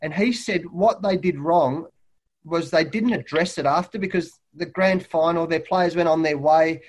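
A middle-aged Australian man, a head coach and guest, telling lively stories and acting out what people said. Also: on the high side, moderate pace. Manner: lively anecdotes, acting out quotes loudly. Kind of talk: animated storytelling in a podcast interview. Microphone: remote call.

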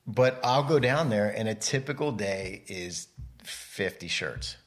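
Male podcast guest, deep voice, rambling conversational storyteller. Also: lively intonation, unhurried. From United States. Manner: rambling, self-interrupting storyteller. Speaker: podcast guest, model and photographer. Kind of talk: casual interview chat.

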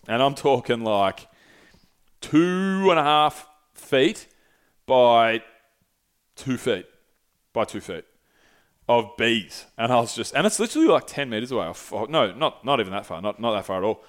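A young man hosting a podcast, telling a travel story in a rambling, sweary, animated way. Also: mid-range voice. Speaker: podcast host. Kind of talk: casual solo storytelling.

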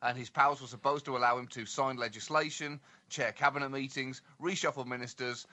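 A man's voice: mid-range voice, fairly even intonation, a little fast, sharp tone. A man co-hosting a satirical comedy chat, mock-earnest as he spins absurd riffs. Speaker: podcast co-host.

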